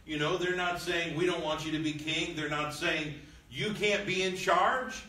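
A man's voice: on the high side, fairly even intonation, normal speed, sharp tone. A man teaching a Bible lesson in a church, reading old scripture aloud and then explaining it in casual, plain talk. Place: church room. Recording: echoey room, mic at a distance.

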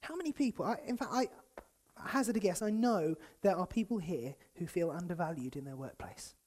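A young man preaching a sermon in a church, in a lively, conversational way that acts out the people he quotes and chuckles often. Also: high voice, brisk. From United Kingdom.

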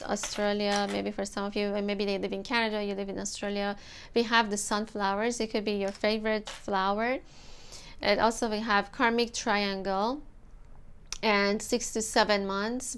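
A woman giving a tarot reading to camera, gentle and emotional, with many fillers. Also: mid-range voice, smooth. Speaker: tarot reader.

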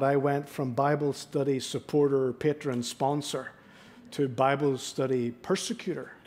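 A man's voice: fairly high pitch, a little mellow. A middle-aged man preaching a sermon in church, telling personal stories in a self-deprecating, confessional way. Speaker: guest preacher. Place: church sanctuary.

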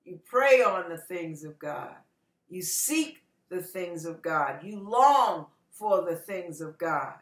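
A woman pastor preaching an impassioned online sermon, moving from hushed, slow teaching to tearful, shouting fervor. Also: fairly low pitch, lively intonation, roomy sound.

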